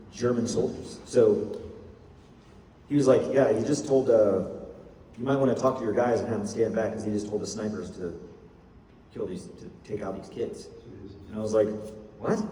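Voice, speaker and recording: An emphatic older American man gives a public talk in a university lecture hall, his low, dark voice telling stories in a measured way with pauses. The distant mic picks up hall echo and a little hiss or hum.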